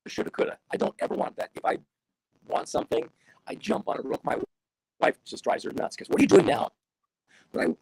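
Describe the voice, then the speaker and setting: Older male radio veteran, gravelly and husky, high and very lively voice, robotic-sounding video-call line. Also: no echo. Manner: enthusiastic, wide-ranging delivery. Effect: robotic digital distortion. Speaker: veteran radio broadcaster, guest. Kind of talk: casual storytelling interview.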